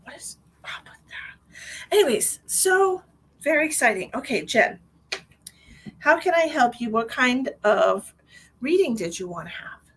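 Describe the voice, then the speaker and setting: A woman's voice: high-pitched, lively intonation, unhurried, a bit bright, a little hiss or hum. A middle-aged woman hosting a live stream as a psychic medium, chatting in a rambling, bubbly way and laughing often. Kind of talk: casual live-stream chat.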